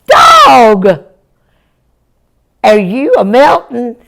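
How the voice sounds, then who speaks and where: A woman's voice: lowish voice, sing-song, a little slow, vocal fry, full character voice. A woman voicing Jack, a simple-hearted, polite farm boy in a told folktale, earnest and wide-eyed. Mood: eager.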